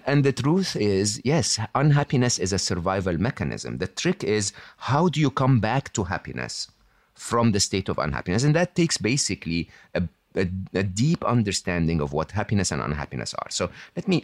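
The recording is dry and clean, studio-quality, capturing a man with a fairly low voice. He's a podcast guest explaining matters to his interviewer in a self-assured, instructive style, often checking in with "hmm?" or "okay?".

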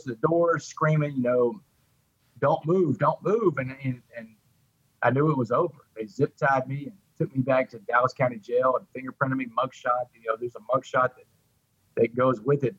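Fast-talking husky man, earnest. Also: mid-range voice, no echo, muffled recording. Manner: heartfelt, repeats words, addresses the host by name. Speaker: guest telling his recovery story. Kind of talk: earnest interview storytelling.

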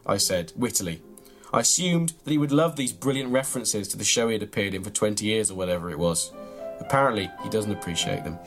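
A man reads out an absurd comic memoir in a deadpan, mock-earnest way. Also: fairly low pitch, fast, faint music behind. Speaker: comedy podcast host reading his own mock memoir. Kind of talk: deadpan comic reading of a story, then casual chat.

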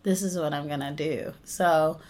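A young woman's voice that sits low carries at a moderate pace as she, a US actress and singer, shares stories in a casual interview. She's animated and laughs often.

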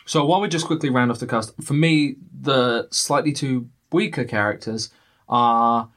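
A man hosting a casual film review, measured and thoughtful, steering the talk. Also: medium pitch, fairly bright tone.

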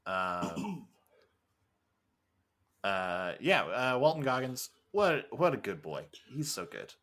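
A man co-hosting a podcast in loose, casual chat. His pitch sits at an ordinary middle level. He rambles, laughs easily and swears freely. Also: sing-song, slow pace, fairly bright tone. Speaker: podcast co-host.

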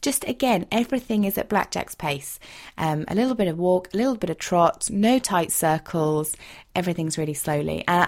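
A woman hosting a podcast, telling a personal story in a heartfelt, gentle, emotional way. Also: mid-range voice. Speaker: podcast host.

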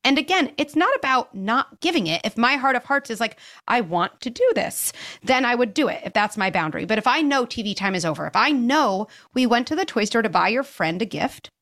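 A woman's voice: a little high, expressive, brisk, a bit bright. A woman child psychologist speaking emphatically as a podcast guest, acting out little bits of parents and kids as she explains. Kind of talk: podcast interview.

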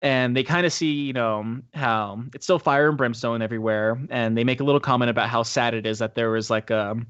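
A man's voice: a little fast, clear, resonant tone, dry recording, dull audio. A man co-hosting a podcast, casually recapping a movie and acting out its scenes. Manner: animated retelling, acting out quotes in a high squeaky voice. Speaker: podcast co-host.

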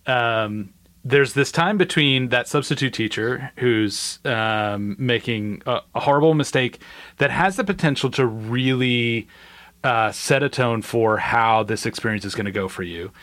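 A man hosting a conversational interview, asking questions thoughtfully with hesitant pauses. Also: medium pitch, a bit bright, dry recording. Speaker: interviewer host.

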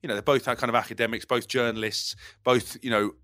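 A man's voice: mid-range voice, steady tone, quick pace, sharp tone, no room sound, studio quality. A man with a blunt, jokey manner, chatting casually as an interview guest. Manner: blunt, jokey, mimics others in banter. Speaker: interview guest, rugby player. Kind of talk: casual chat.

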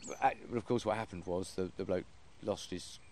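A man telling an animated anecdote, acting out quotes and laughing as he goes. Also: low-pitched, a little fast, noisy background. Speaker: performer. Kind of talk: anecdote in casual chat.

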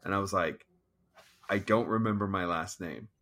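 Guy w a lowish voice telling a long story in an interview, keeps restarting and quoting himself. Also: a bit bright. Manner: halting, restarts, quotes his own thoughts. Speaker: guest musician. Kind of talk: conversational storytelling.

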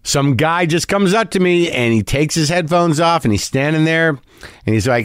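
A man talking at a middling pitch as a podcast host, rambling through a casual monologue with plenty of swearing and self-deprecation. The sound is dry and close, with no room around it. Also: lively intonation, normal speed, no echo.

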